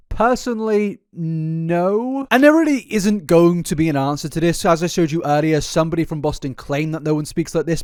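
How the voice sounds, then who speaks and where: A man narrating casual commentary with a lively, swooping delivery that rises and falls a lot. His voice sits a little high for a man. The close mic sounds dry, with no room around it. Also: no echo. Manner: animated, stumbles over names, laughs now and then. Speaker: YouTube commentary host.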